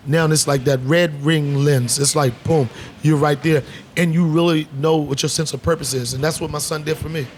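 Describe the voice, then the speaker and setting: A man's voice: on the high side, moderate pace, a little hiss or hum. A middle-aged man, a comedian, telling stories in a casual bar chat, acting out voices and swearing freely. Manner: animated storyteller, acts out voices, swears freely. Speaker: comedian guest. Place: bar set.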